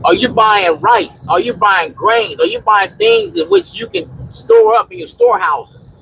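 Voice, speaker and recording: A man talks into his phone from a truck cab, his voice pitched high with a rough, gravelly edge. He preaches and repeats himself, rambling through restarts as he chats with viewers over a faint vehicle hum. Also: unhurried, lo-fi sound. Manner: preachy, repetitive exhortation; rambling with many restarts and "you know". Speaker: trucker and homesteading livestream host. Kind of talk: casual livestream talk, answering chat.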